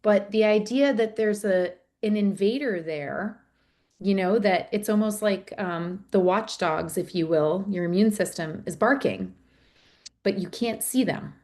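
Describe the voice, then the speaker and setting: A woman's voice: medium pitch, measured pace, darkish tone. A woman in her forties, a podcast guest, explaining earnestly in a conversational interview with frequent fillers.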